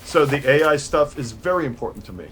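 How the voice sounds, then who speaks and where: An older man from New York, a musician guest in a home studio full of gear, telling animated, rambling stories with many restarts over a video call. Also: fairly high pitch, fast, a little hiss or hum.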